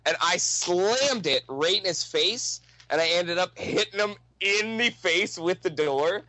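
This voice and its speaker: A man's voice: high-pitched, lively intonation, a little slow, pushed and bright, no room sound, low-quality recording. A young man telling a wild story in casual, profane speech, laughing often and acting out the people in it.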